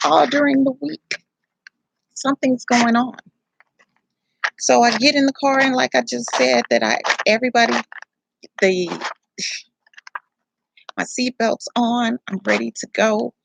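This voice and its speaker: A young woman from casually telling her birth story, animated and profane, rambling with self-corrections. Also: fairly high pitch, unhurried, creaky, long pauses, slight background noise, low-quality recording.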